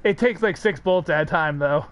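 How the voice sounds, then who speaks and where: A man with a voice on the high side streams a co-op game at a moderate pace, chatting casually, teasing and swearing while he plays this live gaming session. The highs in the recording are cut off.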